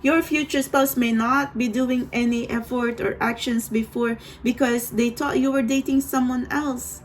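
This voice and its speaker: A woman's voice: on the high side, steady tone, measured pace, slight background noise, low-quality recording. A woman doing a tarot reading for viewers, rambling and hesitant, with many restarts. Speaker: tarot reader.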